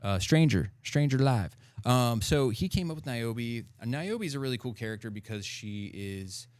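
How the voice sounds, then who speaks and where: A man talking as a podcast guest in casual chat, animated and full of fillers and laughs, close to the mic. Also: mid-range voice, normal speed, no echo.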